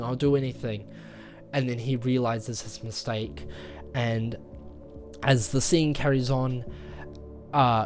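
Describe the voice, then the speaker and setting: A man's voice: medium pitch, a little mellow. Rambling man retelling a movie plot. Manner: rambling retelling with many fillers, acting out quoted lines. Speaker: movie reviewer. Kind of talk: casual spoken movie review.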